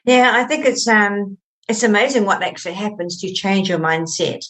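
A woman's voice: mid-range voice, normal speed, a bit bright. Older woman, interview host, supportive and chatty. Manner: encouraging, frequent affirming backchannels. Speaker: show host. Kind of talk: interview chat.

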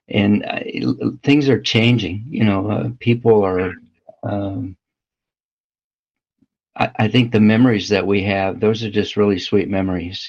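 Man, lowish voice, hesitant reflective talker, dull lo-fi audio. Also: darkish tone. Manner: hesitant, halting, many fillers. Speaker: home church leader. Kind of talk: reflective casual talk.

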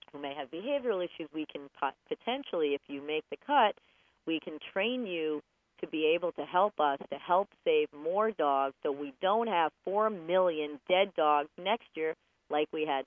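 A woman's voice: low voice, no room sound. A woman hosting a radio advice show about dog training, chatty and jokey, often acting out voices as she talks. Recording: dry, tinny phone-like radio sound.

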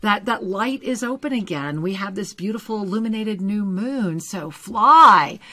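A woman co-hosting a live spiritual call-in radio show, effusive and emotional, often dropping to a hushed, breathy voice. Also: mid-range voice, lively intonation, a little slow. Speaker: co-host and intuitive reader.

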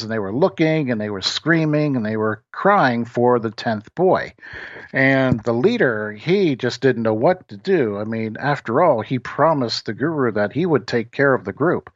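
Relaxed male storyteller, muffled sound. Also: medium pitch, no echo. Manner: relaxed, conversational, with fillers. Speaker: podcast host. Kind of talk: storytelling and reflection. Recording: dull, dry lo-fi recording.

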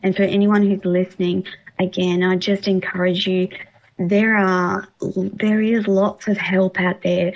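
A woman's voice: mid-range voice, level tone, unhurried. Encouraging female radio host, slightly dull. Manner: warm, encouraging, emphatic. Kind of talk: radio interview.

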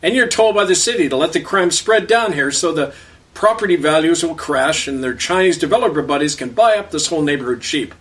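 A man's voice: on the high side, animated, brisk, fairly bright tone, recorded from a distance, pitched above the performer's own voice. Casting: narrator doing a cool, street-wise older Cree man, blunt and sarcastic, heard from a few steps off the mic. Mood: laconic.

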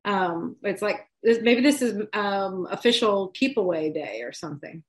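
A woman's voice: mid-range voice, measured pace. A woman hosting a casual online show, teasing her co-host and laughing often. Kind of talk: casual video-call chat.

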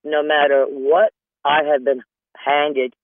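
A man's voice: fairly high pitch, little pitch movement, slow pace, no echo. A man hosting a comedy show, talking through a rambling comedic monologue from a closet over the phone and laughing at his own jokes. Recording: tinny phone line, dry small space.

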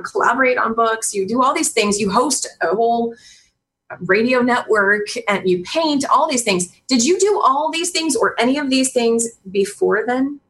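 A woman's voice: a little high, fairly bright tone, rough recording. A woman hosting an interview, asking questions and giving short, attentive reactions. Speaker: host.

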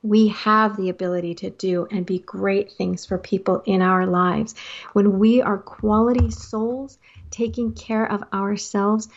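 A woman hosts a motivational talk and speaks earnestly to her listeners about caring for others. Her voice sits at an ordinary middle pitch. The recording sounds a little dull and lo-fi. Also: steady tone, unhurried. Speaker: host.

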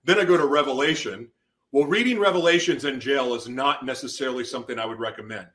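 Guy telling his life story on a podcast, bright sharp voice, gets intense. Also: mid-range voice, quick pace. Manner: intense, storytelling, acts out his own past outbursts. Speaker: podcast guest. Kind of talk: emotional personal testimony.

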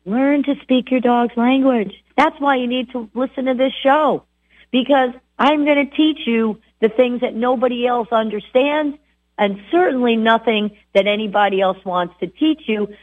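Woman dog trainer on a tinny line. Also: a little high. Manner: lively, direct coaching to listeners. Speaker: dog trainer and show host. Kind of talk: radio show talk. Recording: tinny phone-like sound.

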